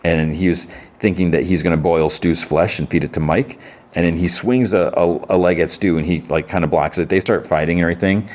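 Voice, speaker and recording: A man with a very low, deep voice runs through the plot of a TV episode in a loose, chatty way. He keeps starting over mid-sentence, quotes the characters with "he's like", and now and then laughs at the story. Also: fairly even intonation, fairly quick, darkish tone. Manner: rambling, with frequent restarts and "he's like" quotes; laughs while telling the story. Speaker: podcast host. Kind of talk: casual episode recap.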